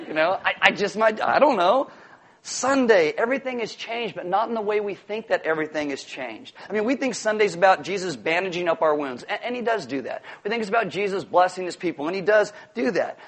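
A middle-aged man preaching a sermon as pastor, animated and jokey, acting out little voices. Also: high voice.

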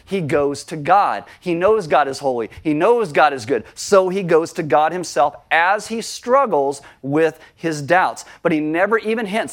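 Male pastor, sermon delivery, slightly high voice, acts out quotes with lively emphasis.

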